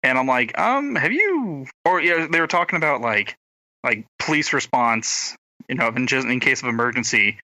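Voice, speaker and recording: A man's voice: mid-range voice, moderate pace, sharp tone, no room sound, poor audio. A young man with a rural Oklahoma accent, telling a rambling story and acting out what people said, in a casual chat with his brothers. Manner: rambling storyteller, acts out quotes. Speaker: podcast co-host, brother.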